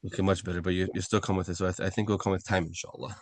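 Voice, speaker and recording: Male teacher, low register, dry close sound, patient, drills sounds slowly over a video call. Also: flat delivery, dry recording. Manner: patient, corrects pronunciation slowly and repeats sounds. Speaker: Arabic teacher. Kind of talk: online class teaching.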